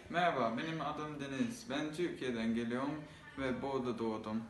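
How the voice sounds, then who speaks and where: A man's voice: mid-range voice, fairly even intonation, brisk, a little hiss or hum. Teenage boy, earnest, mid voice, echoey room. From England. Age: teens. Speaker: pupil. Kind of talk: school presentation. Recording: echoey school hall.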